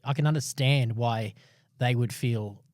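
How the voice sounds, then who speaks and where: A man's voice: mid-range voice, a little slow, darkish tone, no echo, clean studio sound. A man co-hosting a podcast, readily agreeing and drawing practical life lessons from a Bible passage. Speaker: podcast co-host. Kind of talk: casual Bible discussion.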